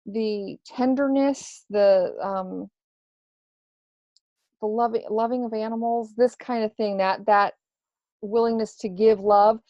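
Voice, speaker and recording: A woman's voice: a little high, steady tone, slow pace, long pauses, a little mellow, dry recording. A woman who works as a psychic medium, answering questions in a casual interview, hesitant and full of fillers. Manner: hesitant, many fillers and restarts. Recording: dry, dull lo-fi sound.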